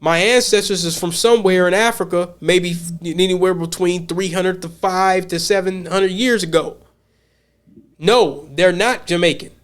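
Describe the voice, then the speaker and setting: An American podcast host with a high, somewhat bright voice talks casually and rambles, frequently repeating words as he restarts sentences.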